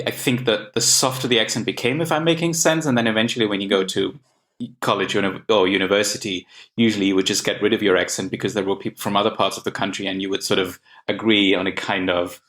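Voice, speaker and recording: A man's voice: fairly low pitch, fairly even intonation, brisk, a bit bright. A man from Germany co-hosting a podcast, talking thoughtfully with hedges and laughing along with the others. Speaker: podcast co-host. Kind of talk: casual podcast chat.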